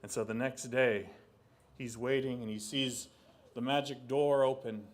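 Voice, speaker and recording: A young man from southeast Alaska telling a traditional legend aloud, animated, with spoken sound effects. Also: mid-range voice, a little slow. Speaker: storyteller and artist. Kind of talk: oral storytelling.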